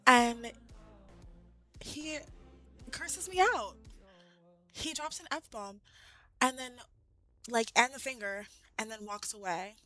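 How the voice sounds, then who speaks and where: A woman streamer telling a story in casual chat, animated and laughing, with lots of "like". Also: on the high side, slow, long pauses, soft background music. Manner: animated, laughing, heavy use of "like". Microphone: streaming mic.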